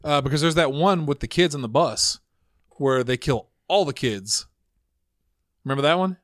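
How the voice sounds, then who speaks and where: A man's voice: fairly high pitch, normal speed, no echo, clean studio sound. A man hosting a casual podcast chat, joking and swearing freely. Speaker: podcast host.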